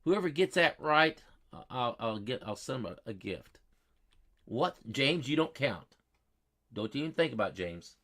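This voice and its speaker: A man's voice: medium pitch, big pitch swings, normal speed, fairly bright tone. A man hosting a live weather stream, chatting with viewers in a folksy, repetitive way and quizzing his chat. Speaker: weather livestream host.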